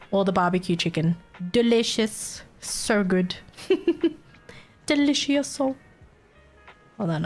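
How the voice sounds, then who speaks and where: A young Australian woman streaming live, chatting casually in a rambling, giggly, playfully crude way. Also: medium pitch.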